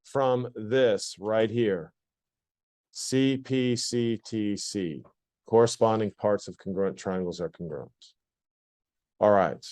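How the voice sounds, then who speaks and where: A man's voice: lowish voice, slow, a little mellow. A man teaching a geometry lesson in a classroom, often repeating points and asking the class questions. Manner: repetitive, questioning the class, plainspoken. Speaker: math teacher. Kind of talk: classroom lecture.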